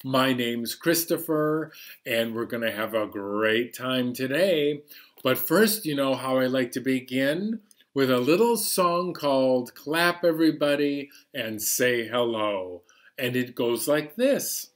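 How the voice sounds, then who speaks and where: A man hosting a library storytime for young children, chatting and singing cheerfully while strumming a banjo. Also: medium pitch. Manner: slow, cheerful, sing-song delivery to kids, playing banjo. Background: banjo accompaniment.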